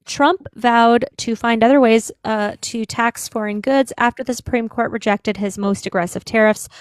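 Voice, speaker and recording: A woman's voice: fairly high pitch, fairly even intonation, normal speed, dry recording, clean studio sound. A woman hosting a live stream, chatting casually and reading a news article aloud with fillers and restarts. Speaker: livestream host.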